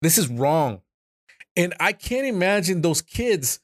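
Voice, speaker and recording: A man's voice: a little high, very animated, a little slow, slightly rough. A man hosting a political podcast, talking heatedly and emotionally with stammering restarts and swearing. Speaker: podcast host.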